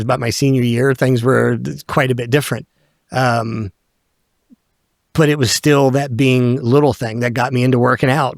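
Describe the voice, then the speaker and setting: A man's voice: mid-range voice, no echo. A middle-aged man from Northern Virginia recounts his past in a loose, conversational way. He slips into little impressions of the people he quotes and swears without fuss. His voice sits mid-range and sounds close and dry. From Northern Virginia, USA. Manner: animated storyteller who acts out quoted people, swears casually. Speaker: podcast guest. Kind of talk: casual storytelling conversation.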